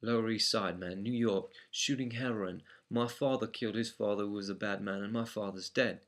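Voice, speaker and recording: A man's voice: fairly low pitch, fairly even intonation, normal speed, lightly acted. A man quoting a drunk, cursing ex-Marine. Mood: hostile. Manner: hostile, cursing, terse. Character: drunk belligerent male passenger, ex-Marine.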